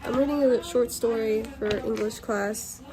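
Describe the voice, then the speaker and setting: A woman's voice: on the high side, steady tone, a little slow, very noisy. Teenage girl ranting in a book vlog. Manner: candid and dramatic, shifting between whispering and loud complaint. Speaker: book vlogger. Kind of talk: casual reading vlog. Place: bathroom.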